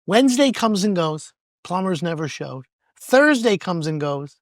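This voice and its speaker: A podcast host talks through home improvement advice in a loose, conversational way. The pitch moves widely up and down as the host acts out what homeowners and contractors say. The sound is dry, with no room echo. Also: sing-song, measured pace. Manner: conversational, repeats words, acts out both sides of conversations. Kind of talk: casual advice talk.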